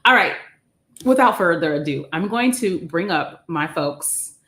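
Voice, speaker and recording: Lively female host, lowish voice, chatty and animated, video call mic. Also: a little slow. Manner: bubbly, animated, trips over words. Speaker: livestream host. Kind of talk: upbeat live stream chat.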